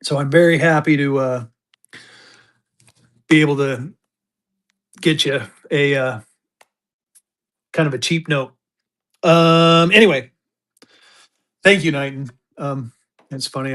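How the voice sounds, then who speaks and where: A man with a slightly higher voice runs a casual live auction from home. He talks in a loose, chatty way, full of fillers and thanks to his buyers. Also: unhurried, long pauses, a bit bright. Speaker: livestream seller.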